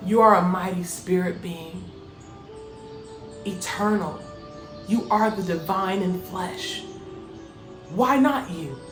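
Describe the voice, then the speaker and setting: A woman's voice: fairly low pitch, takes it slowly, pauses often. A woman hosting a motivational spiritual talk, earnest and emphatic with repeated phrases. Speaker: host. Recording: echoey room, faint music.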